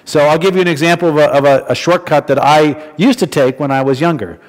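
Guy from new jersey giving a sermon, kinda high voice, chatty with lots of restarts, long church echo. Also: fairly quick. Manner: conversational storytelling with frequent restarts. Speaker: preacher. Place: church hall.

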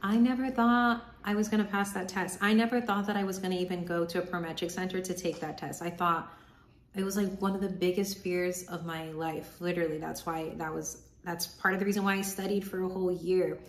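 A young woman telling a personal story in a casual vlog, chatty and animated, acting out what she and others said. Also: on the low side, brisk, reverberant. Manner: chatty, animated retelling with quoted inner voices. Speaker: vlogger, medical student.

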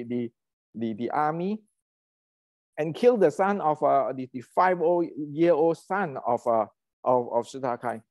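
A man's voice: a little high, a little mellow, no echo. Heated man. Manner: heated, ranting, many restarts and fillers. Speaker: martial arts channel host. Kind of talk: casual lecture.

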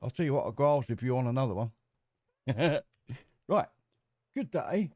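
Here a gameplay commentator speaks at medium pitch and a moderate pace, his intonation lively and his tone a little mellow, with no room sound. His casual let's-play of a survival game is chatty and cheeky, full of jokes aimed at the game characters.

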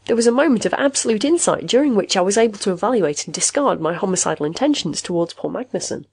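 A woman's voice: mid-range voice, expressive, quick pace, darkish tone, slightly rough. A woman reading a story, voicing an airy, decisive man who hides murderous plans. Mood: breezy. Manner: breezy and emphatic.

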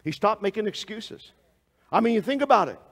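A man with a high voice and lively intonation preaches a sermon at a brisk pace, putting direct questions to the congregation. He swings between loud exclamations and hushed asides, and the recording has a big-room sound.

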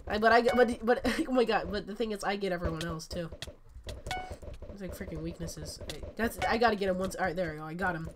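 A woman giving excitable, chatty gameplay commentary while sick, her voice cracking often. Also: medium pitch, brisk, slight background noise. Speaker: gaming channel host.

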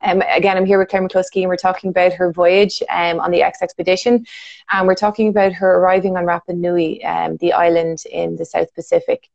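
A woman hosting a casual live interview over a video call, asking questions in a relaxed, friendly way. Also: on the low side, brisk, gravelly, no room sound, lo-fi sound. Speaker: host.

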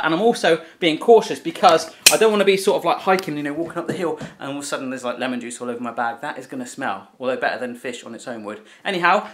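A man's voice: on the high side, fairly bright tone, slight background noise. A man from from there, chatting casually and jokingly to his viewers in a cooking vlog. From southwest England. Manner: chatty and jokey, talks straight to viewers. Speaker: cooking vlogger. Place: kitchen, then outdoors on a windy coastal walk.

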